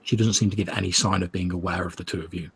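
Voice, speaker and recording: A man narrating a tabletop horror game as game master, in a measured, descriptive way. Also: deep voice, fairly even intonation, gravelly, slight background noise.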